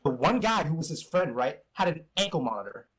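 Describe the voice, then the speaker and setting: Husky-voiced young man telling a story. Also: a little high, very animated, brisk, fairly bright tone. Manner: rambling, profane, laughs at his own story. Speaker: podcast co-host. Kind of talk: casual storytelling.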